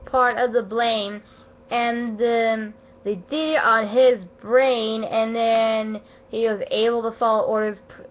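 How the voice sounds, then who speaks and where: A woman giving a casual, rambling anime episode review, emotional and excitable, full of fillers and restarts, her voice not at its best as she feels unwell. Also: on the high side, slow. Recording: dull lo-fi home recording.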